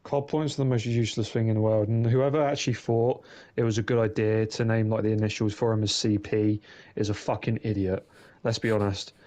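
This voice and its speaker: A man's voice: on the low side, level tone, brisk, mellow. A man playing along with a friend, bantering bluntly and swearing freely. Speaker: co-player. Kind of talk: casual gameplay banter.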